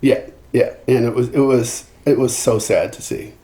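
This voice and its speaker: An older male singer-songwriter telling anecdotes in a podcast interview, animated, acting out quotes and often restarting his sentences. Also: medium pitch, moderate pace. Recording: roomy echo.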